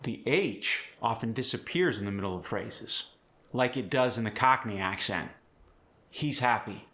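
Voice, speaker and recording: A man coaching pronunciation in a clear, upbeat, instructive manner. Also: fairly low pitch, moderate pace, pushed and bright. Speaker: accent coach. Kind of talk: pronunciation tutorial.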